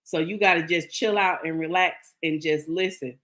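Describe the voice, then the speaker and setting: Sassy bright-voiced older woman ranting. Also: deep voice, steady tone, moderate pace. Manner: sassy, preachy, emphatic. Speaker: commentary vlogger. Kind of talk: casual opinion commentary.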